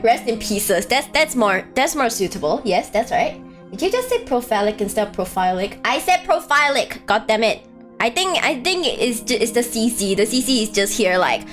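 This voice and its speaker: A woman streamer chatting loosely while she plays, her voice sitting on the high side as she rambles from one tangent to the next. She laughs often and animatedly, with faint music playing under her talk. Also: animated, normal speed, a bit bright. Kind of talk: casual live-stream chat.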